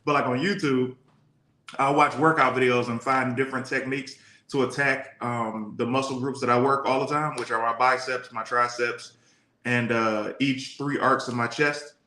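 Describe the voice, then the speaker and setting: A man's voice: medium pitch, steady tone, normal speed, sharp tone. A man from Detroit co-hosting a casual live-streamed podcast, easygoing and rambling as he tells stories. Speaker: podcast co-host. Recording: echoey room.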